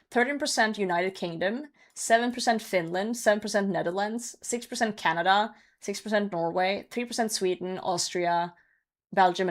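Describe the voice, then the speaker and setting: A young woman streamer chatting casually with her chat while gaming, laughing often and swearing now and then. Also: mid-range voice. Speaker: live streamer.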